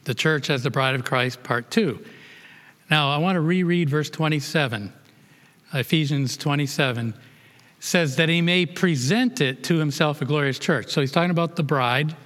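A man's voice: a little high, fairly bright tone. Give me a man leading a Bible lesson, rereading and restarting verses, in a reverberant hall. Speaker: Bible study teacher.

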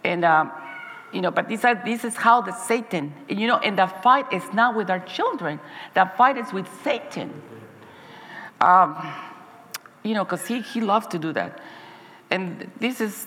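Gravelly low-voiced woman giving a testimony. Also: a bit bright, in a large hall. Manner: earnest, heartfelt storytelling with repeated restarts. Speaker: Sabbath school teacher giving a church talk. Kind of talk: personal testimony to a congregation.

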